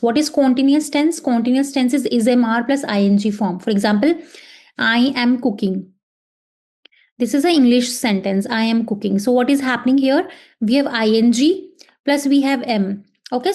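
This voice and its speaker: A woman's voice: high voice, a little mellow. A woman teaching a language lesson, explaining patiently and checking in often with "okay". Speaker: German teacher.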